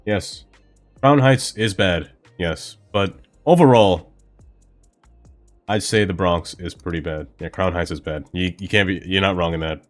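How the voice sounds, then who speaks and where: A man's voice: low voice, moderate pace, a bit bright, faint music behind. A man from Brooklyn chatting casually with viewers while he plays a building game, rambling and thinking aloud with many fillers. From Brooklyn, New York. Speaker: game streamer.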